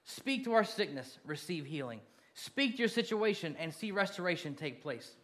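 A male pastor preaching a sermon, steady and direct, building from quiet reflection to loud calls to the congregation. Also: high voice, normal speed.

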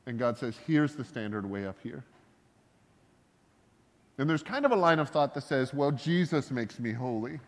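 A pastor delivers his sermon in an easygoing, joking manner, slipping in asides and laughing at his own stories. His voice sits in an ordinary middle pitch for a man. The sound carries a long reverb from a large church hall. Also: very animated, normal speed, long pauses.

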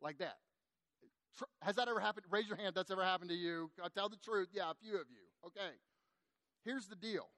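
A middle-aged male pastor delivers a sermon in an easy, conversational way, turning animated as he talks straight to his listeners. His voice sits noticeably high for a man. The sound is dry and close, with almost no room around it. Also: brisk, pauses often, no echo. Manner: conversational, animated, addresses the congregation directly.

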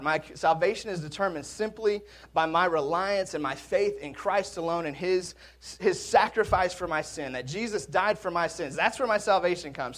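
Animated preacher, fairly high voice. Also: male voice. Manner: conversational, animated preaching with jokes and asides. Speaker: pastor. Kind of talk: sermon. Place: church sanctuary.

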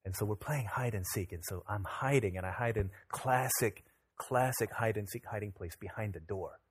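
A man in his thirties, a pastor, preaching a sermon that opens with a lively family anecdote, acting out the dialogue in it. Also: fairly low pitch, moderate pace, slightly rough. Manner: animated, acts out dialogue in anecdotes. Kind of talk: sermon with storytelling.

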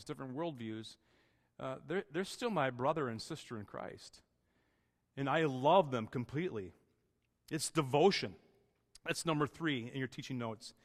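A man's voice: mid-range voice, big-room sound. A man preaching a sermon as pastor, earnest and conversational, with restarts and plain everyday phrasing.

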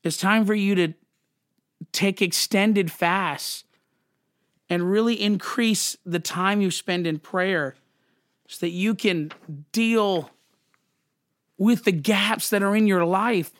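A man hosting a podcast, talking fervently and emotionally in a preachy devotional way, quick, then slowing on emphatic words. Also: sits high, a bit bright, dry recording, studio quality. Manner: fervent and emotional, restarts and apologizes. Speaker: podcast host.

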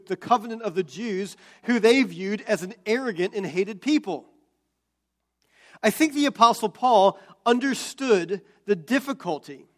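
A man preaching a sermon as pastor, explaining scripture and building to loud, emphatic peaks. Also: high voice.

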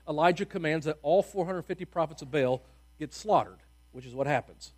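Preacher guy telling bible stories casually, kinda high voice, goes loud then drops real quiet, jokey. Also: expressive, brisk. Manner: folksy, humorous retelling with loud bursts and hushed drops. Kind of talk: conversational sermon storytelling.

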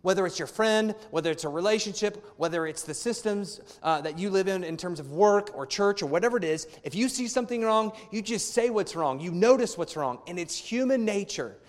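A man's voice: high-pitched, animated, fairly quick, few pauses. A man in his thirties preaching a sermon as a pastor, conversational and weaving in personal family stories. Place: church hall. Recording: long hall reverb.

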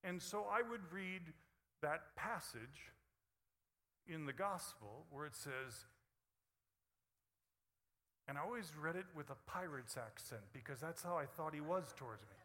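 A male preacher delivers a sermon in a fairly high, forceful, bright voice. He shifts from hushed, intimate phrasing to loud, emphatic bursts. The sound carries a long hall reverb. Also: lively intonation, a little slow, long pauses. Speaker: pastor.

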